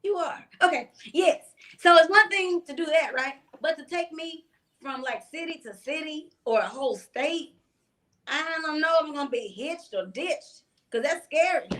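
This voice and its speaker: High-voiced, chatty woman. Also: normal speed. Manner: animated, chatty storyteller who laughs often. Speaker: podcast co-host. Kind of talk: casual chat, storytelling.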